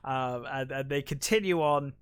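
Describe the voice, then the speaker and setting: A man's voice: mid-range voice, moderate pace, smooth, dry recording. A man co-hosting a film podcast, casually retelling scenes and acting out the characters' lines with lots of fillers. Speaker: podcast co-host. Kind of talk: casual film review chat.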